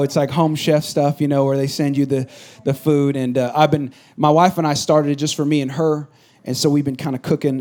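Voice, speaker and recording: A man's voice: mid-range voice, a little mellow. A middle-aged man preaching a sermon in a conversational, joking style, building to emphatic bursts. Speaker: pastor.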